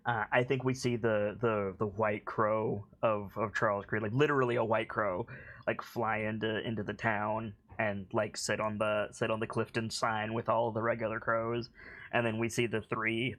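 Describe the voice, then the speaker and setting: A man's voice: on the low side, a bit bright. A man with a Southern accent, chatting as a player in a tabletop game and often restarting his sentences. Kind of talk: casual chat at a tabletop game.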